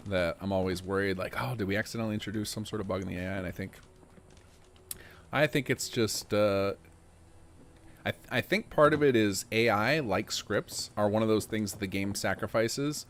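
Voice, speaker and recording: Gravelly low-voiced man streaming a game. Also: slight background noise. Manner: chatty, laughs often, rambling asides. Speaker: streamer, mod developer. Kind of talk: casual game stream commentary.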